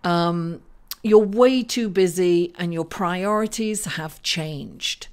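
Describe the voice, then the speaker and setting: Astrologer, woman, casual and halting, slow pace, fond of saying darling. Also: on the low side, clear, resonant tone. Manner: unhurried, halting with many fillers, calls listeners darling. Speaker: astrologer doing tarot readings. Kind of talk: casual horoscope reading.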